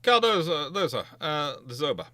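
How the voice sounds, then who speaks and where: Brisk emphatic man, bright and dry. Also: on the high side, big pitch swings, dry recording. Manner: chatty, emphatic, thinks aloud with restarts. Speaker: naval history livestream host. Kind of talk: casual livestream Q&A.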